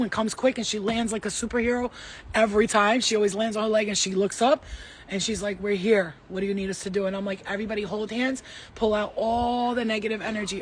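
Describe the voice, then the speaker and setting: A woman's voice: mid-range voice, slight background noise. Blunt, rambling woman giving a spiritual reading. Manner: rambling, emphatic, blunt with swearing; shifts between loud urging and soft asides. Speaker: spiritual reader. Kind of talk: casual channelled tarot-style reading.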